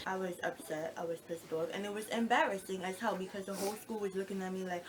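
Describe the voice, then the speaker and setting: A woman's voice: medium pitch, fast, few pauses, background noise. Young woman telling a storytime. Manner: animated retelling, acts out quoted lines. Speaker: storytime vlogger. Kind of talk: casual storytime.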